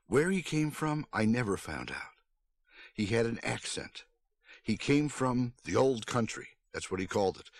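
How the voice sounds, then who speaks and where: A man narrating a storybook aloud on his stream, with an expressive read-aloud delivery. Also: on the low side, no room sound. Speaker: streamer reading a book aloud.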